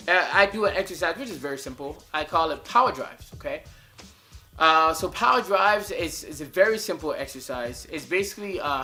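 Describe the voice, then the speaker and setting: Bright-voiced earnest fitness vlogger. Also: medium pitch. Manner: earnest, instructive, repeats key points. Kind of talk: casual coaching talk to camera.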